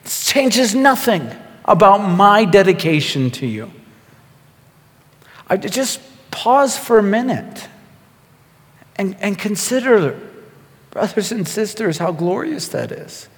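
Guy preaching, earnest, trips over his words a lot, long hall echo. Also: sits high. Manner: earnest, stammering restarts, acts out quotes. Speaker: pastor. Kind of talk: sermon.

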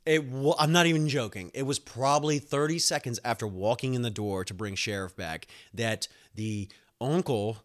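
A man hosting a casual podcast, telling a long story with laughs, swearing and quick acted-out quotes. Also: medium pitch. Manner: animated, laughing, swearing, acts out voices in quotes. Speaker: podcast host.

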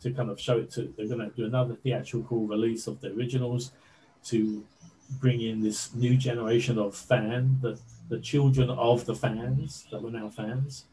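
A man being interviewed, telling a story in a casual, animated way with lots of fillers. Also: mid-range voice, normal speed, a little hiss or hum, poor audio. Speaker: interview guest.

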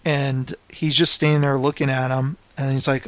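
A man's voice: medium pitch, normal speed, no echo. A man in a casual film discussion, eagerly retelling scenes and acting out the characters' lines. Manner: animated retelling, acts out quoted lines. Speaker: film podcast co-host.

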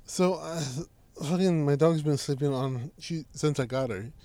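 A man co-hosting a casual, crude podcast, talking in a low-key deadpan mumble with plenty of swearing. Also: measured pace. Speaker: podcast co-host.

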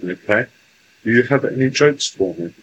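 A man speaking formally in a stilted, deliberate way as the voice in a channeling session, telling a joke and chatting with guests. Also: mid-range voice, lively intonation, a little hiss or hum, rough recording.

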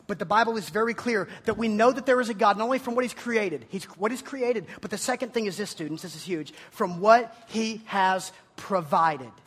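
A high-voiced man with a husky edge delivers an energetic sermon to a room full of students. He jokes and teases as he talks, and he keeps dropping into mock voices to play the doubters he is arguing with. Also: fairly quick, few pauses. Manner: animated, joking, mimics listeners in mocking voices. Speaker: youth pastor. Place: room with a live audience of students.

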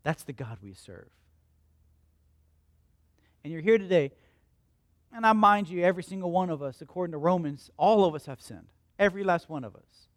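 A male pastor preaches a sermon in a high-pitched, animated voice at a moderate pace, with long pauses. He repeats lines for emphasis, poses questions and answers them himself, and swings between loud, emphatic peaks and quiet storytelling. The recording is studio quality with no echo.

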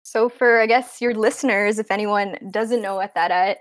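A woman's voice: mid-range voice, fairly even intonation, normal speed. A woman guesting on a podcast in casual chat, hesitant and full of fillers as she starts her story.

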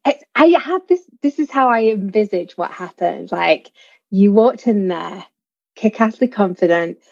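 A woman's voice: medium pitch, animated, measured pace, gravelly, a little mellow, dry recording. A woman hosting an interview, reacting effusively with exclamations and gasps. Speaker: host. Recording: dull lo-fi sound.

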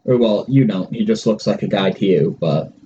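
A man's voice: fairly low pitch, normal speed, warm tone, highs cut off, a little hiss or hum. Laid-back man running a tabletop game. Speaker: game master.

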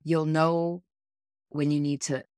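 A woman's voice: low-pitched, level tone, slow pace, darkish tone, dry recording, studio quality. A woman co-hosting a podcast in an earnest, encouraging coaching tone. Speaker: podcast co-host. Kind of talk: motivational casual chat.

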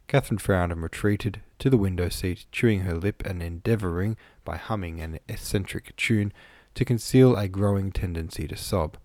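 A man narrating a classic novel in a steady, measured storytelling voice. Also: sits low, no echo. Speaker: audiobook narrator. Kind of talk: scripted narration.

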